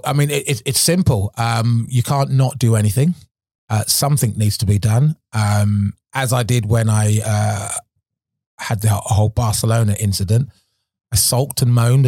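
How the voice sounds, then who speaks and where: A man's voice: medium pitch, darkish tone, no echo, clean studio sound. A middle-aged man, a former Olympic sprinter, telling his story frankly in an interview and rambling with restarts and fillers.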